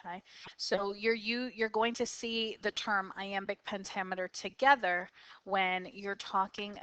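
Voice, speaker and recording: Slow, patient woman teaching a lesson. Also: mid-range voice, pushed and bright, clear, resonant tone, dry recording, poor audio. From United States. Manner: patient, slow and explanatory, with fillers. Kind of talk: classroom lecture on poetry.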